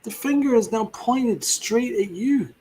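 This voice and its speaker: A man's voice: extremely high pitch, expressive, a little slow, dark tone, husky. A man hosting a sports podcast, ranting with fiery sarcasm and heavy swearing. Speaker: podcast host.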